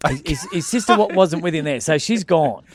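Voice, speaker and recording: A man's voice: fairly high pitch, lively intonation, a little fast. Rambling Australian man telling a gig story. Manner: rambling, repeats and restarts, acts out voices in the story. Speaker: podcast co-host, comedian. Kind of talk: casual storytelling chat.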